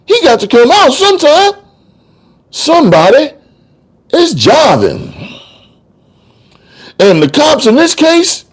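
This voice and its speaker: A man's voice: a little high, wildly swooping pitch, measured pace, long pauses, exaggerated voice. A man voicing a street-smart male trial lawyer who argues in slangy, sing-song courtroom oratory. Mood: arguing. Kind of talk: dramatic audiobook reading.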